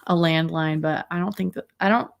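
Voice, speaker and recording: A woman's voice: on the low side, fairly even intonation, fairly quick, creaky. A woman hosting a casual livestream chat over a video call, rambling with fillers and giggles. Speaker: host.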